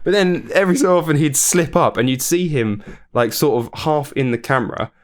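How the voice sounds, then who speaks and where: A man's voice: fairly high pitch, brisk. A man, co-hosting a casual podcast and telling a story animatedly, laughing and swearing often. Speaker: podcast co-host. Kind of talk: casual chat.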